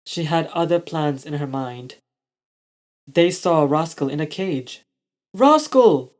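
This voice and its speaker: A storyteller reading a child's story aloud in slow, deliberate narration. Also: mid-range voice, steady tone, a little mellow.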